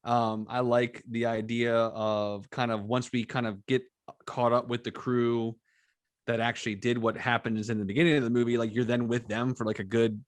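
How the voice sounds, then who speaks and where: A man's voice: medium pitch, level tone, moderate pace, no room sound. A man co-hosting a movie review podcast, enthusiastic, stammering and restarting as he talks. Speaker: podcast co-host. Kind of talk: casual movie review chat.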